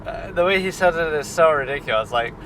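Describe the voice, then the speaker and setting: A man's voice: a little high, animated, brisk. A man in a casual reaction chat as a film critic, rambling and conversational, with lots of fillers and restarts. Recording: distant mic with street traffic noise.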